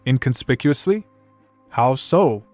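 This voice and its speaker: A man's voice: medium pitch, normal speed, a little mellow, no room sound, faint music behind, close to an everyday voice. Man reading as a flustered, nervous uncle.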